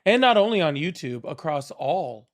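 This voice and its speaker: A man's voice: a little high, very animated. A man hosting a live political call-in stream, chatting casually and pressing callers hard. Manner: argumentative, quick to press callers.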